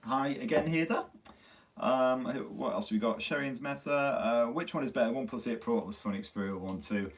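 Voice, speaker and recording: A man from Sunderland in North East England, with a Northern English accent, hosts a live tech stream at a moderate pace and medium pitch. He chats casually, swears freely, and pokes fun at himself while slightly losing his voice, picked up by a distant mic on a phone stream.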